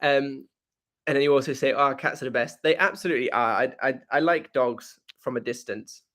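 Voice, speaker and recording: A man's voice: mid-range voice, brisk, fairly bright tone. A man hosting a live question-and-answer stream in a casual, rambling way, often correcting himself and laughing.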